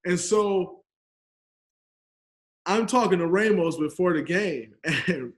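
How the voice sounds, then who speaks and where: Man guest on a remote podcast, high-pitched, laid-back, joking. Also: expressive, slow pace. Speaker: podcast guest, pro basketball player. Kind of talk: casual remote interview chat. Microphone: video call.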